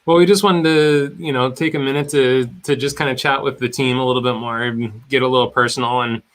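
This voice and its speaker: A man's voice: medium pitch, fairly even intonation, brisk, a bit bright. A man co-hosting a casual video-call chat, laid-back with loose phrasing. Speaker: co-host, hair educator.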